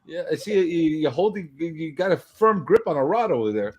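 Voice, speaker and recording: A loud man, joking brashly in a casual chat as co-host. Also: fairly high pitch, big pitch swings, fairly quick. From New York.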